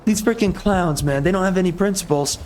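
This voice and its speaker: A man's voice: high-pitched, fairly quick, darkish tone, slight background noise. A man ranting in heated, emphatic, repetitive commentary over gameplay. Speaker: gaming commentator.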